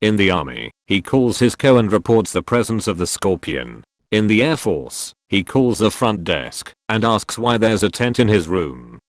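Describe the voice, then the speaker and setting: Low, lively male joke narrator. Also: moderate pace, few pauses, no room sound. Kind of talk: scripted joke reading.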